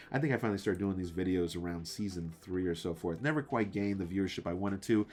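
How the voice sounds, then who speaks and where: A man's voice: low voice, darkish tone. A man hosting his own channel, giving a casual, rambling episode review with many fillers and restarts, often asking his viewers questions. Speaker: show reviewer and channel host.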